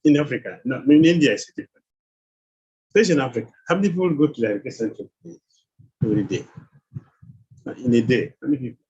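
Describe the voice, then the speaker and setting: Husky-voiced man teaching a scripture class. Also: medium pitch, fast talker, long pauses, lo-fi sound. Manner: animated, quizzes the class with rhetorical questions; chuckles while teaching. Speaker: spiritual teacher.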